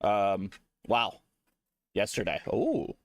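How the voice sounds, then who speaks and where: A man streaming live, chatting casually with viewers in a profane, rambling, jokey way, now and then breaking into loud mock rants. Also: on the low side, sing-song, slow, vocal fry, no room sound, clean studio sound.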